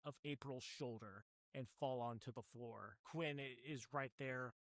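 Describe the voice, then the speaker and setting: A man's voice: mid-range voice, a little slow, no room sound. Man running a tabletop horror game. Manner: restarts words often, relaxed storytelling. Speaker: game master.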